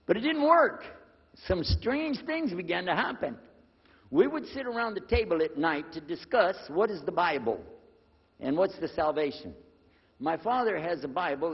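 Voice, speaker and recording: An older man telling a personal story to an audience, lively and acting out the dialogue in a husky voice. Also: on the high side. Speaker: speaker telling his conversion story. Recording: dull lo-fi recording with long hall reverb.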